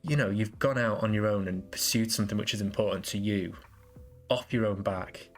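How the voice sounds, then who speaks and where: A man's voice: fairly low pitch, fairly even intonation, brisk, faint music behind. A man hosting a casual solo podcast, rambling and self-deprecating with lots of restarts. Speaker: podcast host.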